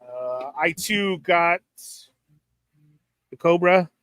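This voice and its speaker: Bright-voiced man telling stories. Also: high-pitched, drawn-out words, no echo, clean studio sound. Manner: animated storyteller, acts out quoted exchanges. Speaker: podcast host. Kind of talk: casual chat about toy figures.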